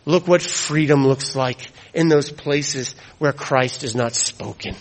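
A man preaching a sermon, emphatic, repeating key phrases and dropping to hushed tones for weight. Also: medium pitch, slow pace, poor audio.

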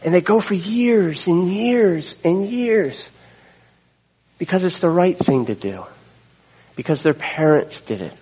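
A man's voice: high voice, slightly rough, poor audio. A man preaching a sermon as a pastor, retelling the story in a conversational way with asides to the congregation.

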